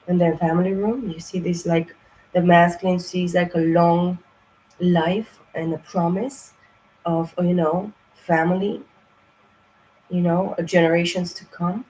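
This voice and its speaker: A woman's voice: on the low side, steady tone, a little slow, dark tone, a little hiss or hum, rough recording. A woman giving a casual tarot reading, blunt and profane, rambling with lots of fillers. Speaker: tarot reader.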